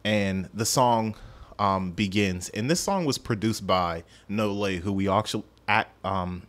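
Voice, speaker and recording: A man's voice: fairly low pitch, unhurried, a bit bright. A man hosting a podcast, chatting casually through a music review in a rambling, self-deprecating way and stumbling over his words. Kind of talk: casual solo review chat.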